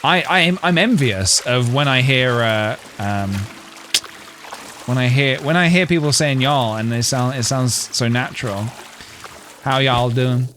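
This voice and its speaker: A man's voice: mid-range voice, animated, unhurried, a bit bright, a little hiss or hum. A man with an English accent, chatting on a live stream and reading posts aloud, musing as he goes, trailing off, restarting and laughing to himself. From England.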